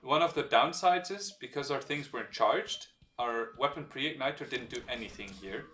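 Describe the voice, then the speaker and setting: A man's voice: mid-range voice, moderate pace. Man explaining a strategy game live. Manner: explains game mechanics while thinking aloud; relaxed, hesitant with many fillers. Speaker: game streamer. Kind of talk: live gameplay commentary. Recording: roomy sound from a distant mic, faint background music.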